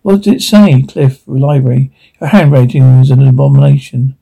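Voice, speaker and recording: A man speaking TV drama dialogue in a weary, gruff way, with a gravelly, husky voice. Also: medium pitch, moderate pace, mellow.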